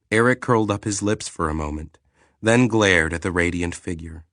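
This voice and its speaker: Deep, bright-toned male audiobook narrator. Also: moderate pace, no echo, clean studio sound. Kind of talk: scripted narration.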